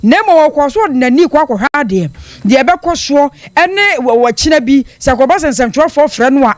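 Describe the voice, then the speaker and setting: A radio news reporter delivering a steady, narrative report. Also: high voice, no echo.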